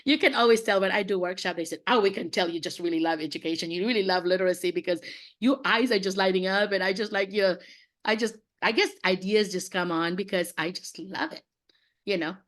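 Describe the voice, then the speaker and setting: A woman's voice: mid-range voice, brisk, a bit bright. Chatty fifty-something woman coach on a call. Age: 50s. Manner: chatty, laughing, lots of fillers and acted-out dialogue. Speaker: education coach running mock interviews. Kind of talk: casual motivational talk on a video call. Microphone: video call.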